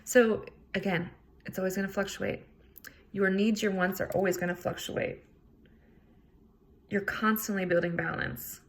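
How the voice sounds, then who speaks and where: A woman talks straight into her home podcast mic, hosting her own show. Her delivery is casual and earnest, and the swearing comes easily. Her pitch sits right in the middle for a woman. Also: fairly even intonation, measured pace, long pauses, a little hiss or hum. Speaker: podcast host. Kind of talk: solo self-help podcast talk.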